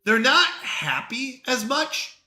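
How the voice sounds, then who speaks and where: Male streamer, casual chatter, high bright animated voice, echoey room. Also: slow. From New York. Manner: animated, acts out quoted people. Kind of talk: casual chat with live chat.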